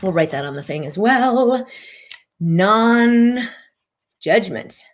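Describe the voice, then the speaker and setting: A woman hosting a live-streamed mind-body teaching talk. She speaks in an earnest, coaching way, repeats key phrases, and acts out panicked reactions with sudden high outbursts. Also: lively intonation, normal speed.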